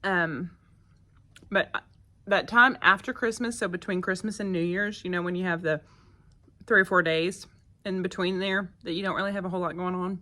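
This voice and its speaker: A woman's voice: on the low side, fairly even intonation, normal speed, pushed and bright. A woman, a first grade teacher chatting casually to her phone camera in her classroom, with lots of fillers and asides. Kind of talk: casual vlog chat.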